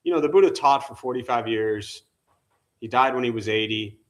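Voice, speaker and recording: A man with a mid-range voice, speaking at normal speed, leads an informal dharma talk as a meditation teacher in a temple meditation hall. The talk is conversational, and he frequently asks his audience questions.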